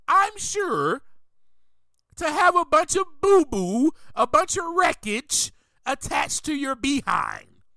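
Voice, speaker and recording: A man with a high, lively voice delivers a motivational podcast monologue. He speaks slowly and emphatically, driving his points home through repetition. The sound is bright and dry, with no room around it. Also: no room sound. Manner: emphatic, repeats key phrases, preacher-like. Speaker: podcast host.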